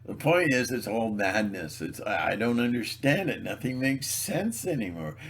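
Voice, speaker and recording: A man's voice: lowish voice, very animated, creaky, fairly bright tone, a little hiss or hum. A man in a rambling solo video monologue, sarcastic and mocking, laughing at his own jokes and stumbling over repeated words. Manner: halting, repeats words and restarts. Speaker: video blogger.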